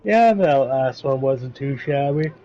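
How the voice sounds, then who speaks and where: A man's voice: mid-range voice, lively intonation, a little slow, lo-fi sound. A man joining a gaming stream over voice chat, laid-back and wry in his banter. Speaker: streaming guest.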